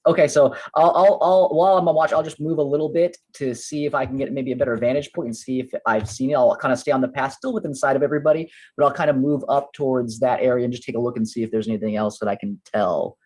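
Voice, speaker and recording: A man's voice: medium pitch, fairly even intonation, fast talker, few pauses, a little mellow. A man playing a tabletop game, hesitant and thinking aloud about his move. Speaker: player. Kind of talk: casual game chat.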